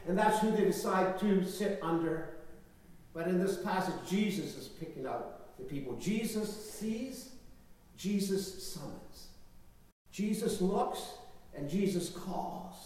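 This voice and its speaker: A man preaching a sermon with emphatic, repetitive phrasing and big swings between quiet and loud, in a large church hall. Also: high voice. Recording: echoey hall, voice from far off.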